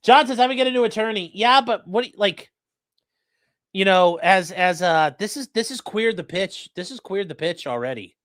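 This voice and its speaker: A man's voice: high-pitched, lively intonation, normal speed, a bit bright, dry recording, clean studio sound. A man, an attorney hosting a live stream, commenting on court footage in a profane, joking way and slipping into voices.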